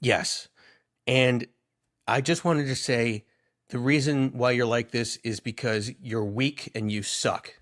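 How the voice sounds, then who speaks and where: A man's voice: mid-range voice, steady tone, slow, a bit bright. Teasing, rambling male podcast co-host. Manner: teasing, rambling, jokey asides. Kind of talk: casual comedic chat.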